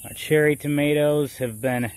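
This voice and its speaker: A man chatting his way through a gardening demonstration outdoors. He explains each step in a relaxed, conversational way, often checking in with the listener. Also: fairly high pitch, moderate pace. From Florida. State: muffled by a face mask. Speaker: gardening vlogger. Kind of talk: casual how-to vlog.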